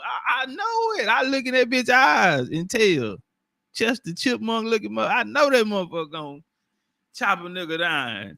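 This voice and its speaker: A man's voice: extremely high pitch, pushed and bright, no room sound, clean studio sound. A man in casual, profane commentary, talking loosely with street slang and frequent laughs into his own microphone.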